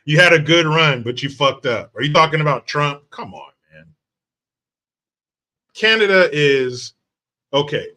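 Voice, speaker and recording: A man's voice: on the high side, animated, unhurried, long pauses, bright, forceful tone. A man hosting a live stream from the United States, reacting to chat in a brash, mocking, profane way. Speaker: livestream host.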